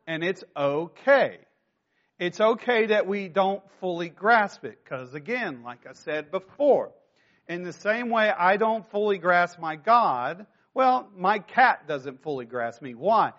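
A man's voice: sits high, big pitch swings, slow pace, fairly bright tone, highs cut off. A man preaching a sermon as pastor, talking conversationally and throwing rhetorical questions at his listeners.

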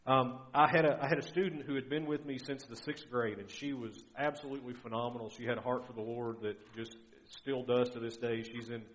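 A man's voice: mid-range voice, fairly even intonation, fairly quick, few pauses, a bit bright, dull audio, slight background noise. A middle-aged man giving a guest sermon in an earnest, conversational way, often restarting his sentences. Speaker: guest preacher.

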